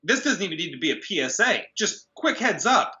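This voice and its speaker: Bright-voiced, sarcastic ranting man. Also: high voice, sing-song, fairly quick, lo-fi sound. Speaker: podcast co-host. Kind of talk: casual movie review chat.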